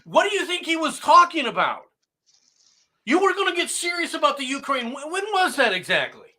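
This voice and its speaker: Sex: man. Role: political talk host. Style: angry ranting commentary. Pitch: high, very lively. Tone: bright. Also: fairly quick. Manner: angry, sarcastic, mocking, often shouting.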